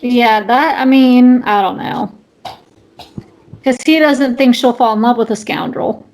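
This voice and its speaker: A woman co-hosting a podcast talks in a high, light voice. She rambles casually and keeps restarting her sentences. Her talk is stuffed with fillers. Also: unhurried, a little mellow. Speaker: podcast co-host. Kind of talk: casual chat.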